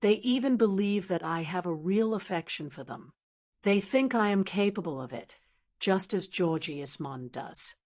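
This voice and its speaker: A text-to-speech woman's voice reading the lines of a proud, troubled young woman in a storybook, in an even, measured way. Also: mid-range voice, natural voice. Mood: wistful. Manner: even, measured synthetic delivery.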